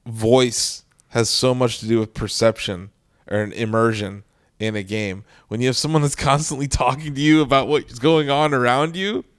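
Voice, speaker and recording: A man in casual chat as a podcast co-host, with a smooth and resonant voice at a middle pitch. He explains his views earnestly and talks at length. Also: normal speed.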